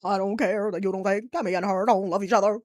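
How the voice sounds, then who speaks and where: A woman's voice: mid-range voice, steady tone, fast talker, no echo, clean studio sound. A young woman streaming, chatting casually and ranting bluntly with lots of swearing and giggles. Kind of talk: casual live-stream commentary.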